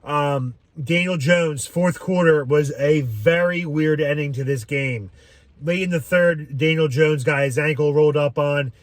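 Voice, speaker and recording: A man talking through a game reaction in a loose, rambling way, with plenty of filler words and casual cursing. His voice sits a bit high for a man and sounds close and dry, with almost no room around it. He comes across as an off-the-cuff fan commentator. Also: a little slow, dry recording. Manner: rambling, frequent "um", swears freely.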